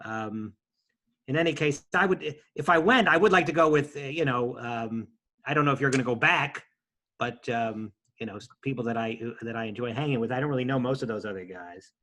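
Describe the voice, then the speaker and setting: A man's voice: medium pitch, brisk, pushed and bright. A man hosting a podcast over a video call, speaking with wry humor and frequent hesitations. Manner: wry, hesitant with many ums. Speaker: podcast host and introducer. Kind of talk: casual podcast chat, dry humor.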